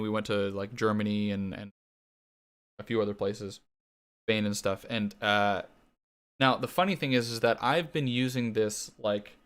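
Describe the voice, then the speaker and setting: A man's voice: lowish voice, a bit bright, clear, resonant tone. A young Canadian man chatting casually and swearing freely while streaming a game, laughing now and then. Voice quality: casual, profane, laughs often. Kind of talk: casual gaming stream chat.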